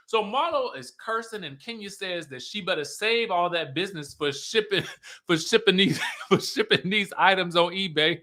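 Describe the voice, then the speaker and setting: Sassy guy doing a live reality tv recap, high bright voice, cracks up a lot. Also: normal speed. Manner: sassy and animated, laughs often; talks straight to viewers, reads their comments aloud. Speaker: YouTube host recapping a reality show. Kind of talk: livestream recap commentary.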